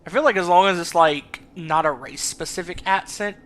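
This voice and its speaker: High, bright jokey gaming host. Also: male voice, brisk. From US South. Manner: jokey, rambling, laughs often. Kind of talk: casual let's play commentary.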